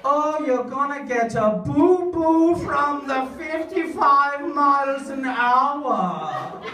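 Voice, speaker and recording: A woman's voice: high-pitched, expressive, slow, crowd noise, voice pushed up. A woman voicing a smug, scoffing brother-in-law, mocking and sing-song, in an echoey room picked up from far off with an audience around.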